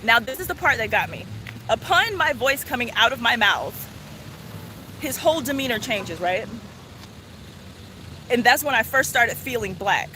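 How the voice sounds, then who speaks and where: A woman vlogger telling a story in a casual, earnest, animated way, with many fillers. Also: a little high, moderate pace, pauses often, a little hiss or hum.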